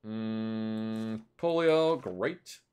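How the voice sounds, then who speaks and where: A man streaming a video game, making sarcastic casual commentary with sudden loud outbursts. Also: fairly low pitch, drawn-out words, clear, resonant tone, faint music behind.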